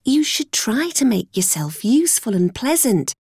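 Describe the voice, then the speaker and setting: A woman's voice: on the high side, sing-song, unhurried, a little mellow, dry recording, clean studio sound, full character voice. A woman reading as a firm, admonishing nursemaid. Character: firm but softening adult nursemaid.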